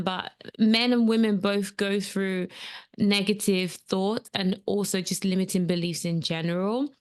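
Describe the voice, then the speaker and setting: A woman with a clean, medium-pitched voice hosts a solo coaching podcast, recorded on a camera setup at home. As a podcast host and transformational coach, she talks casually and chattily, rambling into asides and saying um a lot.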